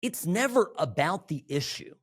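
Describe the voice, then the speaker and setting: Husky, animated talk show host. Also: male voice, a little high, moderate pace. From Southern California. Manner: animated and emphatic, with frequent restarts and asides. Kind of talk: political talk radio monologue.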